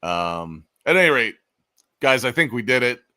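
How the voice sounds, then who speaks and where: A man hosting a casual livestream chat, talking in a relaxed, chatty way with trailing fillers. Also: mid-range voice, moderate pace, dry recording, clean studio sound. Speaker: podcast host.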